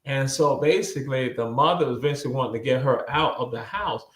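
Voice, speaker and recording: Joining over a video call as a guest, a man tells his story in a brisk, mid-range voice full of energy. He repeats words, loops back, and acts out the voices of people he quotes in this casual storytelling interview, while the room gives a noticeable echo.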